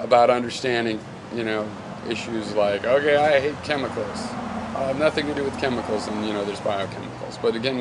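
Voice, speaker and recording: A man's voice: medium pitch, background noise. A man gives a casual spoken reply to a commenter, rambling and thinking aloud with many fillers and restarts. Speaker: video blogger replying to a commenter.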